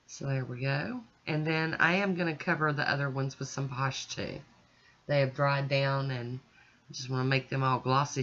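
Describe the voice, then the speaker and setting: A woman narrates her nail art video in a chatty voice-over, talking through every step as she goes. Her voice is bright and forceful, and the recording sounds dull and lo-fi. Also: low-pitched. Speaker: nail art channel host. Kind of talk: casual voice-over nail tutorial.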